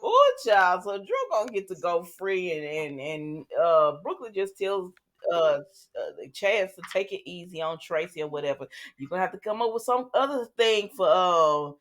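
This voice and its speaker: A woman's voice: lowish voice, expressive, normal speed. Sassy, chatty woman recapping a soap. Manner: chatty, sassy asides to characters. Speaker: soap opera recap host. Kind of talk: casual recap chat.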